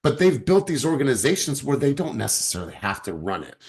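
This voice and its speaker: A man's voice: medium pitch, sing-song, fast talker, darkish tone. A man, a sales director and coach, giving an emphatic motivational talk to his team and repeating words as he starts sentences.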